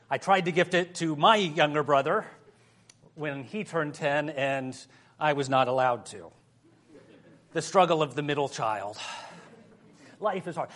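A man preaching a sermon in a somewhat high voice. He tells personal stories with dry humorous asides. His delivery drops to a hush in prayer and rises when he stresses a point. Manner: storytelling with humorous asides, shifting from soft prayer to lively emphasis. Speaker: pastor.

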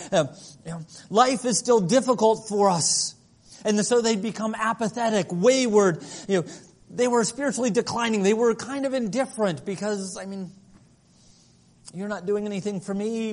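A man preaching a sermon, earnest and dynamic, shifting between soft passages and emphatic ones. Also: sits high. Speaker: pastor.

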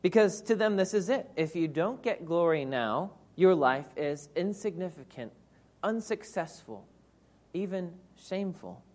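A woman's voice: on the low side, animated, a little slow, a little mellow. A woman preacher giving an earnest, reflective sermon that explains scripture verse by verse.

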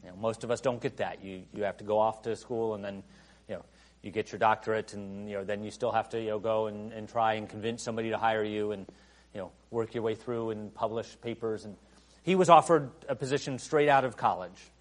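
A man preaching a sermon in a conversational way, full of "you know" fillers, who rises to emphatic outbursts and then drops quiet. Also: on the low side, fairly even intonation, a little fast. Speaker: pastor.

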